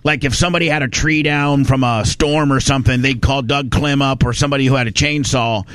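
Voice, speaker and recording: A man's voice: medium pitch, steady tone, a little fast, a bit bright, clean tone, no echo, clean studio sound. Folksy rambling storyteller man. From Indiana. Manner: rambling, folksy, restarts often. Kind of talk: casual storytelling.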